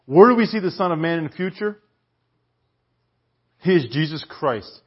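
A man preaching a sermon in a conversational, animated way, sometimes dropping to a hushed softness. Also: on the high side, moderate pace, husky. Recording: dull, lo-fi church recording.

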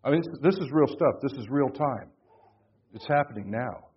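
Male preacher, husky, dramatic dynamic swings, muffled recording. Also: animated, moderate pace. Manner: dramatic swings from hushed to booming emphasis. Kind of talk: sermon. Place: conference hall.

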